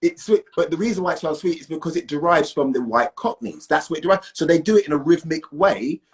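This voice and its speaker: A man's voice: on the high side, quick pace. A man, a guest in a casual conversation, talking emphatically and checking in with "right?". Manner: animated, emphatic, asks "right?" often.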